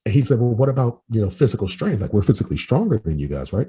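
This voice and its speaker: A man's voice: lowish voice, sing-song, quick pace, warm tone, breathy edge, low-quality recording. A man in his forties talking bluntly in casual podcast chat, giving strong opinions with some swearing. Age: 40s. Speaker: podcast host and life coach.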